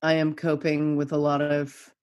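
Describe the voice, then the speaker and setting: A woman in her thirties with a slightly low voice talks in a loose, conversational way. She tells stories with lively acted-out quotes. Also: moderate pace. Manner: animated storyteller, acts out quotes. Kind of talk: casual chat.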